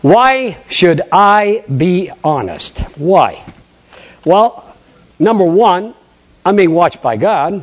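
An older man, a pastor, preaching a lively sermon, acting out conversations and questioning his congregation. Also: sits high, drawn-out words. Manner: animated preaching, acts out dialogue, asks the congregation questions.

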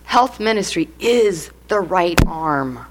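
Animated woman sharing a church testimony. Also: on the low side, slow pace, noisy background. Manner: animated storytelling, laughs often, acts out quoted voices. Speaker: church speaker giving a testimony. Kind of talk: testimony sermon.

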